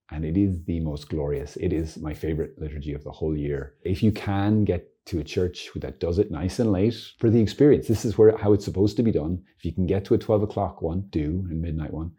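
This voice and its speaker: Male priest, low dark voice, very husky, earnest, quick joking asides. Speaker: Catholic priest. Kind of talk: informal teaching talk to camera.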